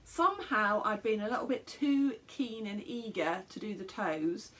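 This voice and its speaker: A chatty middle-aged woman from England talks casually to camera about her knitting. She rambles through little asides and fillers and pokes fun at herself, with a medium-pitched voice. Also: expressive, normal speed, a bit bright. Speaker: knitting podcaster.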